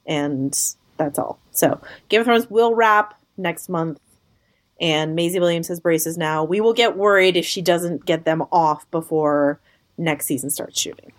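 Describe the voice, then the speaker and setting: A woman co-hosting a podcast in casual chat. She sounds bubbly and laughs often, and her pitch jumps up when she gets excited. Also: measured pace. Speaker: podcast co-host.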